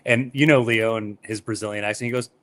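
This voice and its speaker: Low-voiced musician guest telling stories. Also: male voice, fairly even intonation, fast talker, fairly bright tone. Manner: laughs often, heartfelt, tells stories. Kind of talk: casual video-call chat. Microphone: video call.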